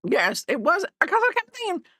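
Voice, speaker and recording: A woman's voice: extremely high pitch, wildly swooping pitch, moderate pace, pushed and bright, no echo, clean studio sound. A woman crocheting on a livestream, chatting casually in a rambling, self-mocking way, laughing often and talking to her viewers and her dog at home. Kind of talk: casual chat while crafting on a livestream.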